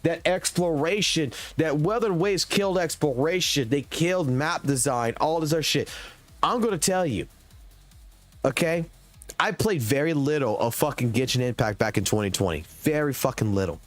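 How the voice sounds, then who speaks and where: Male game streamer, fairly high voice, cussing rant, faint music underneath. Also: expressive, normal speed. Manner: blunt, heavy swearing, slangy. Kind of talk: casual ranting commentary.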